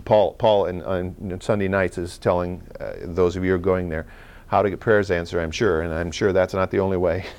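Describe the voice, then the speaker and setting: A man preaching a sermon in a conversational way, with small laughs and restarts, swinging between loud emphasis and quiet asides. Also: sits low, steady tone, normal speed. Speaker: pastor.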